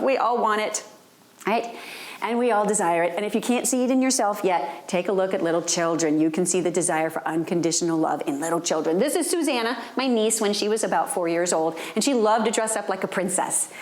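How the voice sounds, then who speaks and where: Give me an animated woman lecturer who tells stories and keeps checking in with her listeners. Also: medium pitch, roomy sound. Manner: animated, often asks "right?". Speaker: speaker at student training.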